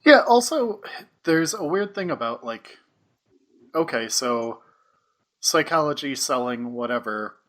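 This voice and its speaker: A man hosting a casual podcast chat, easygoing, quick to laugh and asking probing follow-up questions. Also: a little high, expressive, fairly bright tone. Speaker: podcast host.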